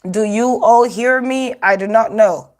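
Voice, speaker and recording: A woman's voice: fairly high pitch, measured pace. A woman from Uganda hosting a casual live stream from her phone, chatting to viewers and laughing often. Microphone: phone microphone.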